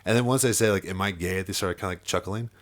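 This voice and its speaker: Young man, very deep voice, casual storytelling, lots of likes and swearing. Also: quick pace. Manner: many fillers, swears freely, laughs while telling. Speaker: podcast guest.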